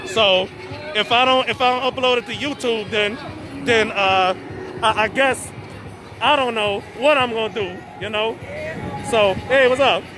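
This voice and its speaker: Stammering high-voiced man hosting a live stream. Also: unhurried. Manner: stammering, repeats words, chatty. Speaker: host of a live stream show. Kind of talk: casual live-stream commentary. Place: outdoor birthday party. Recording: phone recording outdoors, party music and crowd. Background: music and children at a party.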